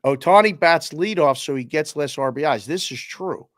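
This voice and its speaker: A man's voice: a little high, lively intonation, normal speed, no echo, clean studio sound. A man co-hosting a sports betting show, a former bookmaker, talking in a rambling way with stammered restarts. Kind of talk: casual sports debate.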